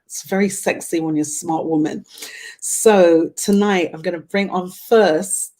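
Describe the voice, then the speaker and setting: A woman's voice: medium pitch, darkish tone. A middle-aged woman hosting a talk show in a chatty, playful way, laughing often and making asides.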